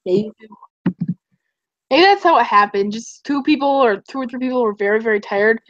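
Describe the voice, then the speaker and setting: A woman's voice: fairly high pitch, normal speed, fairly bright tone, no room sound. A young woman streaming, chatting casually in a rambling, giggly way. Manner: rambling, giggly, tells stories with acted quotes. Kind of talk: casual chat. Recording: dull, muffled stream audio.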